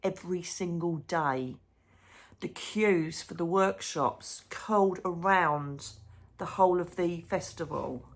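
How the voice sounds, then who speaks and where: Woman, low voice, gravelly, chatty and gushing, diary vlog. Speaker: psychic medium vlogger. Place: hotel room.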